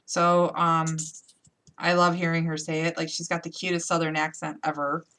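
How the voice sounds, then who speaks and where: A woman with an upstate New York accent hosts a live crafting tutorial, chatting playfully and thinking aloud as she talks through each step. Her deep voice stays fairly flat in pitch, fairly bright in tone, at a moderate pace.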